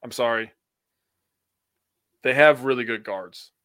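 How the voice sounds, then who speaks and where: A man's voice: mid-range voice, slow pace, a bit bright, clear, resonant tone, dry recording. A young man from Wisconsin co-hosting a sports podcast, talking bluntly and opinionatedly, with some swearing. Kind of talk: casual chat.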